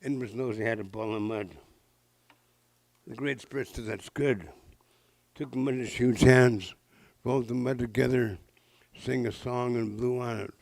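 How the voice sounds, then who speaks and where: Older storyteller guy, kinda gravelly, joking with the crowd, dry close sound. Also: mid-range voice, darkish tone, no room sound, poor audio. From Pacific Northwest of the US. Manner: playful, interactive, jokey asides. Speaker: traditional storyteller. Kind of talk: live storytelling to an audience. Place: public library talk.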